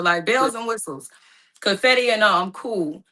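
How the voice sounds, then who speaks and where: A woman's voice: medium pitch, lively intonation, brisk, bright, forceful tone. A young woman in an emotional personal storytelling talk, acting out both sides of her phone calls. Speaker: guest telling her story.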